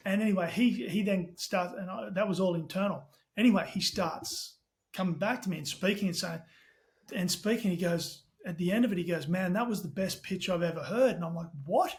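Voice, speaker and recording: A middle-aged man with an Australian accent and a notably high-pitched voice. He talks quickly and animatedly, launching into stories with casual swearing in a relaxed podcast conversation. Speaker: podcast guest, tech company CEO.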